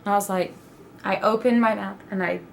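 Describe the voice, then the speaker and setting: A woman's voice: mid-range voice, fairly quick, creaky, slight background noise. Chatty young woman telling a story. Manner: animated, dramatic retelling with quoted asides. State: pregnant (at the time told). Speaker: vlogger. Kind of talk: casual storytelling.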